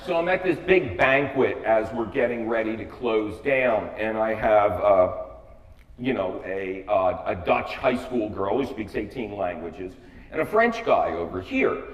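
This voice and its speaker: A man's voice: fairly low pitch, animated, unhurried, muffled recording. An older American man giving a humorous public talk, with a wry, joking and emphatic delivery. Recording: echoey hall, voice from far off.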